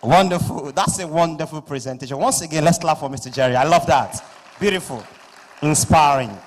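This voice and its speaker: Nigerian male MC, playful and loud with pidgin asides, slightly high voice, long hall reverb. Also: brisk. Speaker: master of ceremonies. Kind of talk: live event hosting. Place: large conference hall. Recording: echoing hall through PA.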